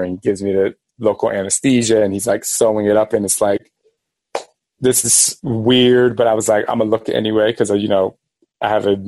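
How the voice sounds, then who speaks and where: A man hosting a podcast, telling a personal story in a rambling, animated way and acting out the voices of people in it. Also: fairly low pitch, vocal fry, dry recording. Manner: animated, rambling, acts out quoted dialogue. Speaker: podcast host. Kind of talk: casual storytelling.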